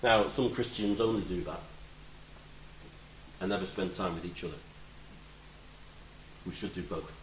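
A man preaching a conversational sermon, reflective with gentle humor and a voice that rises and drops for emphasis. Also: low voice, measured pace, long pauses, echoey room, slight background noise, rough recording.

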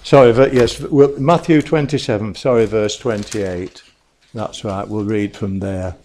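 A man preaching a sermon, apologetic and flustered over his references, then reading scripture in a measured, solemn tone. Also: fairly low pitch, steady tone, mellow, slight background noise.

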